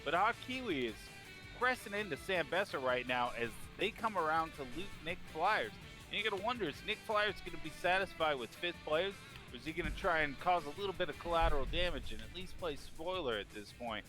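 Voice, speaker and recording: A man giving eager play-by-play commentary on a video game race, rising in excitement at each crash. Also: fairly high pitch, brisk, music in the background.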